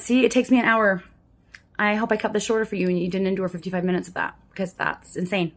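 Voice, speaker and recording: A woman in her fifties talks to camera from her home desk in a plain, mid-pitched voice. Her chat is frank and self-deprecating, and she sometimes drops into quiet muttered asides. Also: steady tone, quick pace. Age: 50s. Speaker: vlogger doing a makeup routine.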